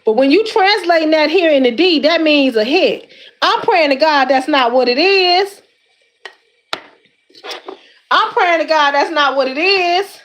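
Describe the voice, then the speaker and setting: Lively high-voiced woman. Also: normal speed. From Detroit. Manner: animated, repetitive, slangy and exclamatory. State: slightly winded while lifting weights. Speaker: YouTube commentary host. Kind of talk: casual commentary chat.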